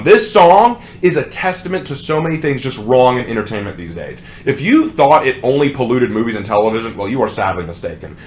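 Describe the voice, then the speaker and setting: A man's voice: mid-range voice, slight background noise. A young adult man ranting sarcastically as a song reviewer, with exasperated commentary.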